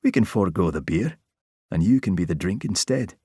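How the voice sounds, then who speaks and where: A man's voice: deep voice, lively intonation, fairly quick, mellow, breathy edge, dry recording. A man with a Scottish accent voicing a suave, flirtatious middle-aged fire investigator with a dry, teasing manner.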